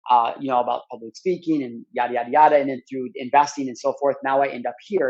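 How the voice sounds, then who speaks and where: A man's voice: mid-range voice, lo-fi sound. A man in his thirties, speaking as a podcast guest, tells a personal story in an earnest, rambling way full of "like" and restarts. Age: 30s.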